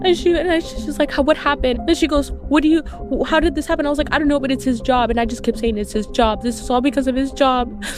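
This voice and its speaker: A woman's voice: high-pitched, fairly even intonation, quick pace. A woman interviewee recounting a personal loss, emotional and acting out her own past words, over a faint music bed. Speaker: widow interviewee.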